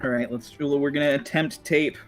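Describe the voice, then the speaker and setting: A man's voice: a little high, fairly even intonation, moderate pace, soft background music. Teasing man in casual group chat. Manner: teasing, joking, laughs often. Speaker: show regular.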